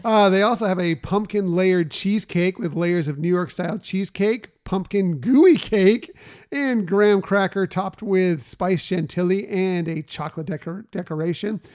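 High-voiced man chatting on a podcast. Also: moderate pace, a little mellow. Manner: reads out long menu lists with fillers and restarts. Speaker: podcast host. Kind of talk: casual podcast chat.

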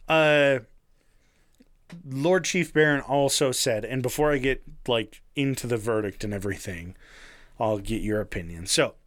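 A man's voice: medium pitch, fairly bright tone. A man casually recounting a crime story, swearing freely and laughing as he goes. His talk is loose, full of restarts and fillers. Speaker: podcast co-host telling a true crime story. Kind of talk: casual chat.

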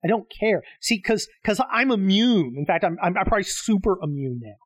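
A man's voice: high-pitched, sing-song, a little fast, no room sound, clean studio sound. A middle-aged man hosting his own show, delivering a combative, profanity-laced solo rant. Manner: profane, combative, exasperated ranting. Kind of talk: solo ranting monologue.

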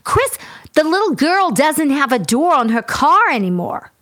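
Woman quoting a gentle, calm actress. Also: high voice, a little slow, dry recording, studio quality, pitched above the performer's own voice, exaggerated voice. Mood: soothing.

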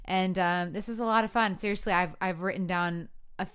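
A woman's voice: fairly low pitch, fairly even intonation, fairly quick, fairly bright tone, clear, resonant tone. A woman in her thirties hosting a podcast, chatting casually with friends and telling stories with lots of giggles. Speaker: podcast host.

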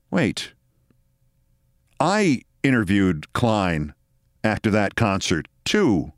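A man's voice: medium pitch, clear, resonant tone, no room sound, clean studio sound. A man in his sixties hosting his own show, telling a personal story in a wry, theatrical way. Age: 60s. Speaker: host.

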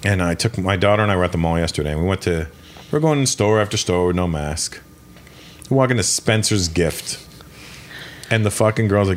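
A man's voice: deep voice, animated, moderate pace, long pauses, a little hiss or hum. A man chatting casually as a host, telling stories bluntly and with lots of swearing. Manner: profane, blunt storytelling. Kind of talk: casual chat.

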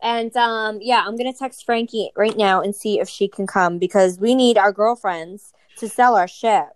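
A woman's voice: medium pitch, normal speed, no echo. A woman co-hosting a podcast in casual chat, brash and swearing freely. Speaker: podcast co-host.

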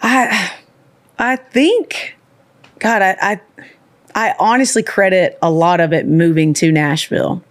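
A woman from the southern United States, a comedian, chatting in an interview in an animated way, laughing and slipping into voices. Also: on the low side, slow pace. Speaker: comedian guest. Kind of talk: casual interview chat. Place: studio or home recording room in Nashville.

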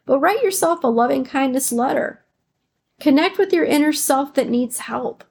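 A woman's voice: a little high, gravelly, a little mellow, slight background noise. A woman hosting a podcast, giving supportive self-help advice with many encouraging rhetorical questions. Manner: fillers and restarts, emotional at times. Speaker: podcast host.

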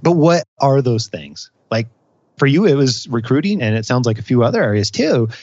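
A man talking as a career coach in a relaxed podcast chat. He explains in quick, energetic bursts. The recording is dry and close, with a slightly dull, muffled sound. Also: medium pitch, no echo. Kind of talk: casual podcast conversation.

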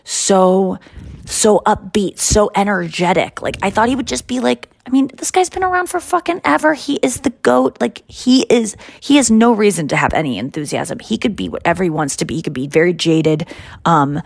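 A woman hosting a podcast, chatting casually and telling a story with lively, loud quoted voices. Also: mid-range voice, moderate pace, vocal fry, no echo, studio quality. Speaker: podcast host. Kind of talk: casual chat.

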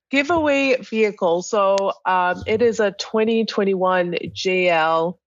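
A woman who is a guest on a podcast, explaining things in a relaxed way with some giggling. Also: medium pitch, takes it slowly, dull audio. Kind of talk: casual podcast chat.

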